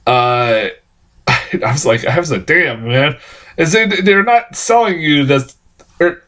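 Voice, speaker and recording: Animated, swearing man reviewing a movie. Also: slow. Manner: rambling, swears a lot, laughs at his own points; animated, jumps high in pitch when exclaiming. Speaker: film reviewer. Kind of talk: casual profane film review.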